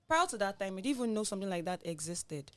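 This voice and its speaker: A woman's voice: medium pitch, lively intonation, quick pace, slight background noise. A woman co-hosting a radio talk show, telling a story in a chatty way full of fillers. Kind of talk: casual panel discussion.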